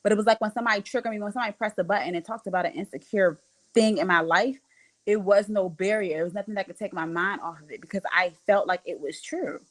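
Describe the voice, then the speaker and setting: A young woman telling a story in casual chat, animated and acting out the voices of people she quotes. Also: mid-range voice, fast, low-quality recording. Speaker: podcast host.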